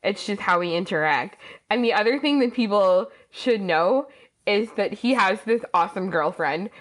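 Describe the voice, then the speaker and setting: Female podcast guest, mid-pitched, jokey and self-mocking, expressive delivery. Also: normal speed. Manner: playful, self-deprecating, expressive. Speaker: power wheelchair user. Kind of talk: casual chat.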